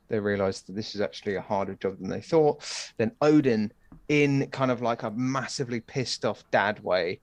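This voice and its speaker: A man's voice: lowish voice, no echo. A young British man co-hosting a podcast, recapping in easygoing casual chat with slang. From United Kingdom. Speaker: podcast co-host.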